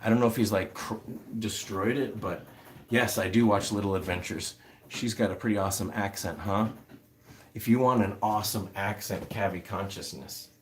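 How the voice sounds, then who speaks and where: A man's voice: fairly low pitch, normal speed, a little hiss or hum. A man hosting a casual livestream, rambling with many fillers as he answers viewer comments. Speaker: livestream host.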